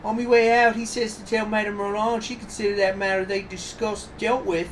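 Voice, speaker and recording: A man's voice: high-pitched, flat delivery, fairly quick, distant mic, a little hiss or hum, pitched above the performer's own voice, close to an everyday voice. A man putting on a cheeky Cockney madam. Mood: cheeky, evasive. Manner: chirpy, cheeky, evasive. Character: brash Cockney brothel madam, sly and unflustered. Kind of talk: reading game dialogue aloud.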